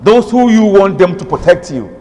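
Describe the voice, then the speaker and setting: A man giving a religious lecture as a preacher, animated and repeating words for emphasis. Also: high voice, normal speed. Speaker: Islamic preacher. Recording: long hall reverb.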